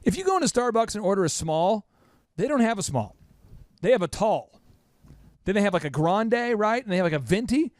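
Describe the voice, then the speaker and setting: A man's voice: high-pitched, very animated, a little fast, pauses often, a little mellow, no room sound, clean studio sound. A man hosting a business podcast, talking with emphasis and putting questions to his cohost. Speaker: podcast host. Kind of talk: energetic business podcast talk.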